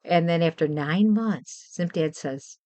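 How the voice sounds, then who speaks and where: A woman's voice: on the low side, a little slow, mellow, no echo. A middle-aged woman from Western New York, chatting casually and heartfeltly with her stream viewers, rambling and repeating herself. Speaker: livestream host.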